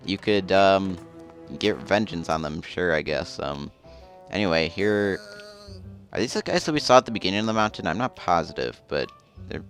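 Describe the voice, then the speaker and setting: A man's voice: low voice, animated, moderate pace, soft background music. A man casually commenting as he plays a video game, rambling and chatty. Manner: rambling, chatty, often laughing. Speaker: let's play host.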